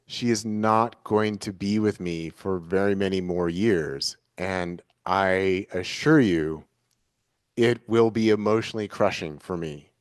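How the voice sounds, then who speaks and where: A man with a somewhat low voice, answering as an interview guest in a reflective, conversational way. He talks earnestly and keeps circling back to restate each idea in new words. The sound is dry and close, with hardly any room echo.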